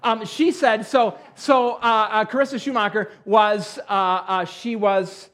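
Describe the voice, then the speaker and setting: A pastor preaches to his congregation in a conversational way, with dry asides, self-deprecating humor and emphatic rhetorical questions. His voice is high and a bit bright, with a steady tone and measured pace.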